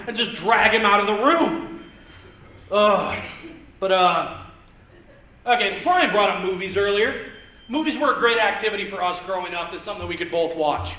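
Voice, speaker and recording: High, bright-voiced man doing stand-up. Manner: rambling, self-deprecating, quick asides. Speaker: stand-up comedian. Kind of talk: live stand-up comedy. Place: theater stage. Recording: roomy theater sound, mic heard from a distance.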